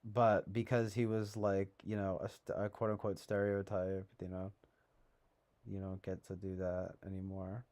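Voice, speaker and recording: Low-voiced man rambling sarcastically. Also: little pitch movement, measured pace, darkish tone. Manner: rambling, sarcastic, filler-heavy. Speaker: livestream host. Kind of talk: casual livestream commentary.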